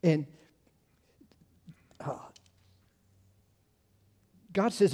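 A man's voice: fairly high pitch, moderate pace, darkish tone. A man preaching a conversational sermon as a pastor, informal and chatty, with wry asides to the congregation. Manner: informal and chatty, many fillers and restarts.

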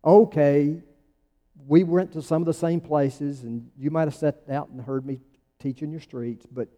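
A man's voice: on the high side, steady tone, unhurried, mellow. A man preaching a sermon in a conversational, emphatic way, with sudden rising bursts. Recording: long church reverb.

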